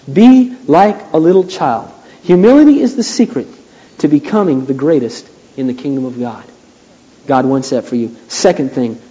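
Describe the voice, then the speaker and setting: A man pastor preaching a sermon, emphatic and repeating phrases, building to loud preaching. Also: fairly high pitch. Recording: long hall reverb.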